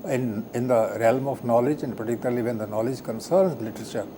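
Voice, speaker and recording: An older man giving a live televised lecture as the guest professor, speaking haltingly with many fillers and frequent throat clearing. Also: mid-range voice, background noise. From India.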